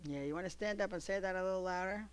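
A preacher reading scripture aloud and telling lively stories to a congregation, often laughing. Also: female voice, on the low side, rapid-fire. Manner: animated, laughing storyteller.

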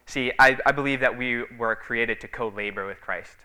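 A man preaching in a relaxed, chatty way, telling stories and filling pauses with little fillers. His voice is very bright and crisp, sitting at an ordinary pitch, and it lifts when he acts out the people in his stories. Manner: conversational storytelling, many fillers. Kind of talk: sermon.

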